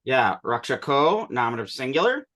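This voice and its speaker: A male teacher leading an online class, patiently correcting pronunciation and explaining with quick asides. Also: mid-range voice, sing-song, a bit bright. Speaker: Sanskrit teacher.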